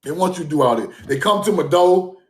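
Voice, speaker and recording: A man's voice: high voice, expressive, fast talker, reverberant. A man talking off the cuff on a livestream, emphatic and repeating himself, often breaking into laughter. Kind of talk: casual livestream monologue. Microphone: phone or streaming mic.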